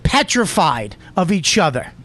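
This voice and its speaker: A male podcast host with a high, very lively voice that jumps all over the place. He swears constantly and tells a heated comedic story, often breaking into shouts. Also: unhurried. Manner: profane, emphatic, swings into shouting.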